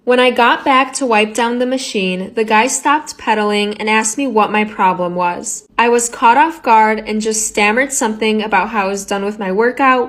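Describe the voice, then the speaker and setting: A woman reading an online post aloud in an even, steady voice. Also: fairly high pitch. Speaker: story reader.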